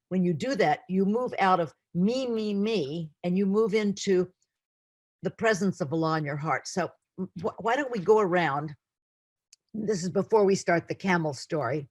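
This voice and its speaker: A woman's voice: lowish voice, normal speed, a little mellow, dry recording, studio quality. A middle-aged woman teaching an online class in an earnest, emotional way, often repeating words. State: near tears.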